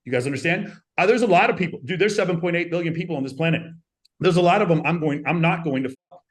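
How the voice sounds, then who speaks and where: A man with a fairly high-pitched voice hosts a podcast in a studio. He talks to his viewers in an emphatic, insistent way, repeats himself for effect and swears freely. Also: fast. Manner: emphatic, repeats points, swears, addresses the audience directly. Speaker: podcast host. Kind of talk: animated podcast monologue to viewers.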